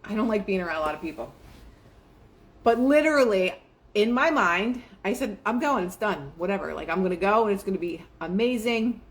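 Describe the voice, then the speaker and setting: A woman's voice: medium pitch, a little fast. A young adult woman hosting a casual motivational talk, chatty and full of fillers, acting out quoted asides. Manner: chatty, filler-heavy, quotes herself and others in lively asides. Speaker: manifestation show host.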